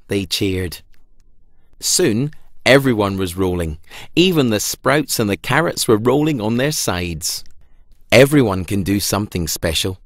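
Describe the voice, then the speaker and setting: Slow expressive children's story reader. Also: mid-range voice, dry recording, studio quality.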